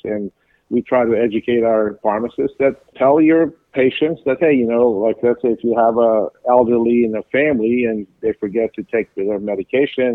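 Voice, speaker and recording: Guy calling in over a thin phone line, kinda halting, lots of uhs, dry sound. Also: mid-range voice, dry recording. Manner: halting, with many fillers and restarts. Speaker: pharmacy business guest. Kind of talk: casual interview chat.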